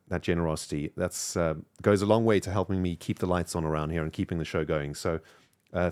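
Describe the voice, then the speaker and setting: A man from South Africa with a mixed South African and British accent, chatting casually on a live game stream and thanking viewers. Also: low-pitched. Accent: mixed South African and British English. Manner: chatty, thanks viewers warmly, rambling with fillers. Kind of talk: casual live-stream chat while gaming.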